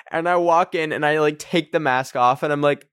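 Animated young man telling a story. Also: fairly high pitch, clear, resonant tone, no room sound, studio quality. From Canada. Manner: animated, heavy use of "like", acts out quotes in raised voices. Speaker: podcast host. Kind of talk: casual storytelling.

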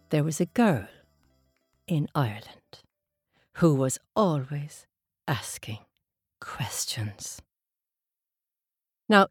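A woman storyteller telling a myth to children with slow, dramatic pauses. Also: rumbling low, gravelly, breathy edge, no room sound, studio quality.

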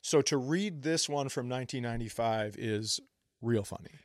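A man in his forties co-hosting a podcast, telling stories in a relaxed, profane, joking way. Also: mid-range voice, normal speed, dry recording, clean studio sound. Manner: swearing, laid-back storytelling. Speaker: podcast co-host. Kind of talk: casual comedic chat.

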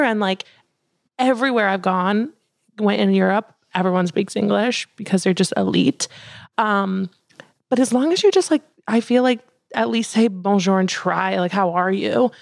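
Young female podcast co-host, casual and animated, gravelly fry, dry close mic. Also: medium pitch, a little fast, no room sound. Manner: chatty, many fillers, animated. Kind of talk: casual chat.

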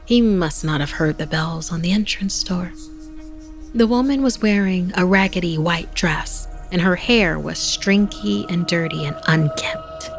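Hushed, gravelly woman telling a ghost story. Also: on the low side, a little slow. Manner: hushed, often dropping to a whisper. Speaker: podcast host and storyteller. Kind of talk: scripted spooky narration. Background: music bed.

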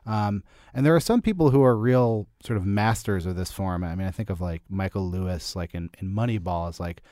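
Interview host, man, lowish voice, easygoing questioner, dry sound. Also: brisk, no echo. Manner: relaxed, conversational questioning. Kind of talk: casual interview conversation.

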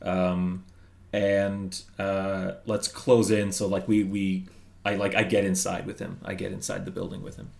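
A man's voice: low voice, level tone, measured pace, gravelly. A man playing a tabletop role-playing game, talking hesitantly with many fillers. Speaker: player.

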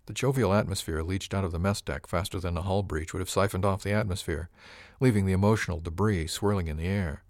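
A man narrating a science-fiction audiobook in the first person, with measured, even storytelling. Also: sits low, dry recording, clean studio sound.

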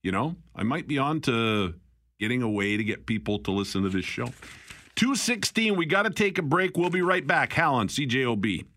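A man's voice: mid-range voice, expressive, a little fast, pushed and bright. A man hosting talk radio, reading listener messages in a chatty, wry way. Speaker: radio host. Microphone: studio microphone.

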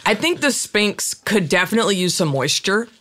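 A man's voice: high voice, big pitch swings, normal speed, pushed and bright. A man, co-hosting a casual comedic podcast chat in a playful, joking way. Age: 30s. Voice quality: slight lisp. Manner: playful, joking, trails off into laughs. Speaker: podcast co-host.

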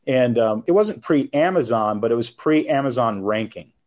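Middle-aged guy telling a story on an interview, lively, laughs a lot, average-pitched voice. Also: unhurried. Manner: animated, laughs while telling stories. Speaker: guest, author.

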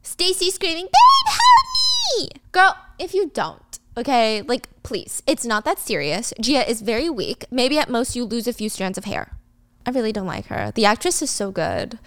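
A woman's voice: fairly high pitch, big pitch swings, normal speed, dry recording. A young woman casually recapping a drama story, chatty and opinionated with dramatic asides.

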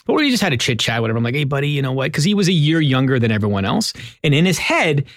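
Animated middle-aged guy chatting fast on a podcast, bouncy voice. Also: a little high, no room sound, studio quality. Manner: animated storyteller, quick and lively. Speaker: podcast co-host. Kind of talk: casual chat.

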